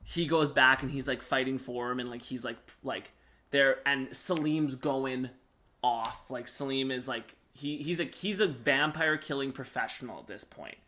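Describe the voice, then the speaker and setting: A young man co-hosts a casual gaming podcast at an ordinary, middle pitch. He retells scenes eagerly and rambles, piling up fillers and restarts as he talks. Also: normal speed, pushed and bright. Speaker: podcast co-host.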